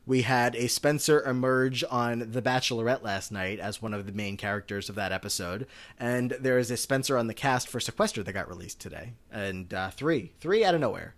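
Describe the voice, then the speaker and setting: Speaking a little fast in a mid-range, fairly bright voice, this male podcast co-host chats through a casual recap. He rambles and fills his speech with plenty of filler words.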